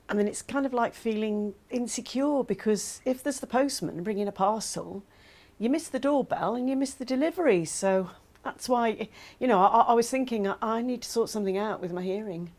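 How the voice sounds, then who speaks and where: A woman's voice: mid-range voice, moderate pace, a little mellow, natural voice. An actress playing a chatty woman with mild hearing loss who talks about it frankly and with humour. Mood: candid. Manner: chatty, self-deprecating, laughing. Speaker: actor voicing a woman's testimony. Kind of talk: scripted testimony monologue.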